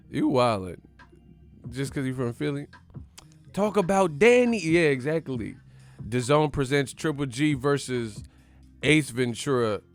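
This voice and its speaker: Loud playful man, slangy banter. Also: mid-range voice. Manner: loud, playful, slangy, yells movie catchphrases. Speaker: boxing channel host. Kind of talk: casual livestream banter.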